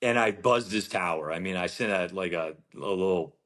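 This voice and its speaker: A man from New Jersey, a golf professional, telling an animated anecdote in an interview and acting out the dialogue. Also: low-pitched, normal speed. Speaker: golf professional, podcast guest. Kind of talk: storytelling interview.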